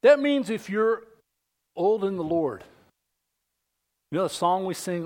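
A high-pitched man preaching a sermon in a slow, deliberate cadence. He puts questions to his congregation and swings from ringing declarations down to near-whispers for emphasis. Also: animated, a little mellow. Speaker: pastor.

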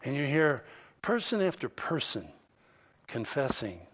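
A man preaching a sermon as pastor, stressing key phrases loudly and then dropping low and quiet, repeating lines for effect. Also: animated. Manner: slow, deliberate delivery with repeated phrases.

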